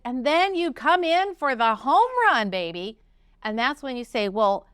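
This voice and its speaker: Upbeat woman coach, bright and dry. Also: no room sound. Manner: enthusiastic, acts out quoted dialogue with lively pitch jumps. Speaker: podcast host and practice coach. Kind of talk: casual coaching talk.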